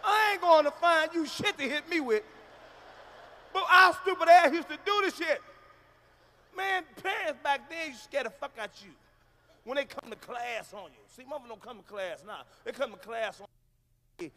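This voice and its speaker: Stand-up comic, male, high bright voice, brash and profane, live in a reverberant hall. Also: normal speed, a little hiss or hum. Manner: loud, profane, shouting punchlines. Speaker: stand-up comedian. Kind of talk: stand-up comedy routine. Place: large concert hall with audience.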